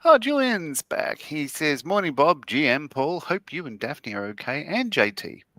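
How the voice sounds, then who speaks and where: A man co-hosting a relaxed model-building chat, reading viewer comments aloud with lots of chuckles and rambling asides. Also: a little high, unhurried, no echo.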